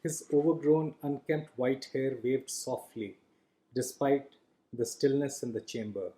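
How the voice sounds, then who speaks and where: A man reads his own fantasy novel aloud in a calm, measured storytelling style. His voice is mellow and warm, set at an ordinary pitch for a man. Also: poor audio. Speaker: author reading his own book. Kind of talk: audiobook narration.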